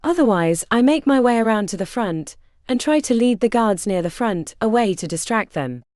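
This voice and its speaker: A woman voicing a young male scout who answers in a quick, wry way. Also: a little high, expressive, darkish tone, dry recording, studio quality, lightly acted.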